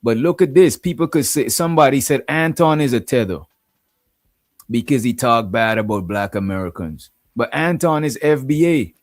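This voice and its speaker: A man's voice: mid-range voice, animated, moderate pace, no room sound. A Guyanese man talking loosely on his stream, circling back to his points and checking in with the listener. His voice sits in a middling range and sounds close and dry, with no room around it. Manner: rambling, peppers talk with "you know what I'm saying". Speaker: livestream host. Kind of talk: casual livestream commentary.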